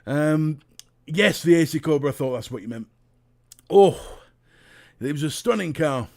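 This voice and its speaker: A man's voice: a little high, lively intonation, a little slow, creaky, darkish tone. A British man hosting a casual livestream, chatting to viewers and reading their comments, jokey and talking straight to the chat. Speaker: livestream host.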